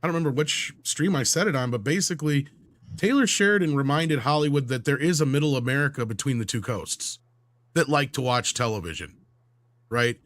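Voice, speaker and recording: A man talks through industry gossip on a live stream at an ordinary pitch. His delivery is loose and rambling, full of "uh" and "like", and his sentences sink lower at the ends. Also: a little fast, fairly bright tone. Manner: rambling, filler-heavy, trails off low. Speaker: livestream co-host. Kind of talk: casual entertainment-news chat.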